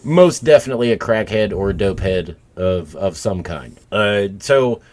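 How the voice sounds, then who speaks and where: A man's voice: lowish voice, lively intonation, moderate pace, darkish tone. A middle-aged man co-hosting a comedy podcast, telling a crude, profanity-laced story in casual chat. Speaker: podcast co-host.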